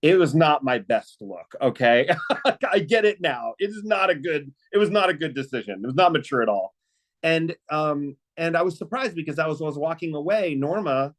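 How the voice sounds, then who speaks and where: A man speaking on a webinar, telling a personal story in an earnest, halting way with many fillers and restarts. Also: on the high side, poor audio.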